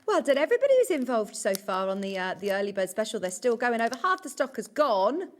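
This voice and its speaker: A woman's voice: fairly high pitch, very animated, fast. A woman presenting live on a shopping channel, chatty and gushing as she talks through products. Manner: gushing, chatty, upbeat sales patter. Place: TV studio.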